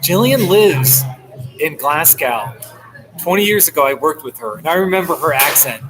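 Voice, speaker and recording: A man's voice: on the high side, expressive, moderate pace, over music, poor audio. Chatty American man in a coffee shop. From New Jersey / New York area. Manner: rambling, chatty, frequent laughs. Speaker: vlogger. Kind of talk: casual live-stream chat. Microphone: laptop held up.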